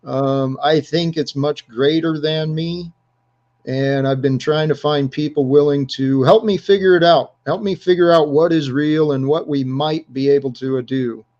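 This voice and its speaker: A man hosting a casual panel discussion, speaking in a searching, halting way. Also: a little high, steady tone, darkish tone, dull audio. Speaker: host.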